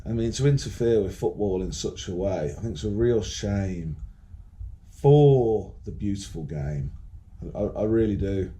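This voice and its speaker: Talking casually to camera, a male vlogger from Birmingham, England, delivers a combative, swearing-laden ramble full of repeated words and false starts, in a Birmingham accent. His fairly low voice is expressive and warm, measured in pace, over a faint hiss or hum.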